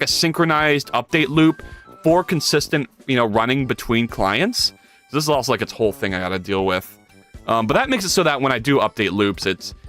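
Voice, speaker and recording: A man live-streaming his coding work, chatting casually, rambling, swearing and joking with chat. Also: fairly bright tone. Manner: profane, rambling and jokey, with big pitch swings.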